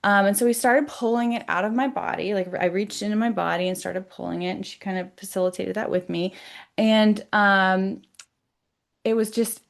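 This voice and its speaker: A woman's voice: medium pitch, normal speed, gravelly. Chatty woman psychic telling a story. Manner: animated, chatty, many "like" fillers, dropping quiet for intimate parts. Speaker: psychic and energy healer. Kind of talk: personal storytelling vlog.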